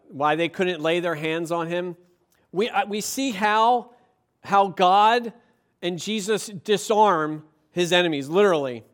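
A preacher giving a lively, conversational sermon to a congregation and peppering it with rhetorical questions. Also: mid-range voice.

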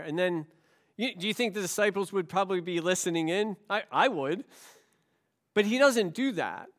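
A man's voice: high voice, lively intonation, normal speed, fairly bright tone. A man pastor preaching a sermon in a conversational way, telling anecdotes and asking rhetorical questions, recorded in a church.

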